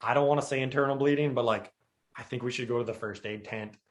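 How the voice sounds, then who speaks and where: A man telling a personal story in casual chat, animated and acting out the people he quotes. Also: medium pitch, fast. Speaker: storyteller recounting his crash.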